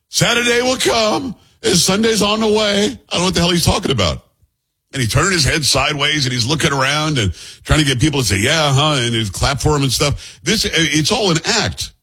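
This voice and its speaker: Blunt, sarcastic New York host. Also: male voice, mid-range voice, fairly bright tone, breathy edge. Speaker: host commentator. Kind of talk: political commentary.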